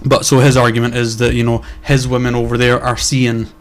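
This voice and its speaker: Young guy on a podcast, blunt and fired up, cursing a lot, mid pitch. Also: level tone, a little fast. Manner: blunt, heated, swears freely. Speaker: podcast co-host. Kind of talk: casual podcast chat.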